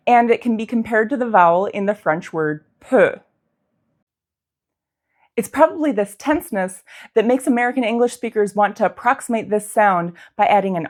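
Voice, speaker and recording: A woman giving a pronunciation lesson, demonstrating vowel sounds slowly and carefully. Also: medium pitch. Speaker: language teacher.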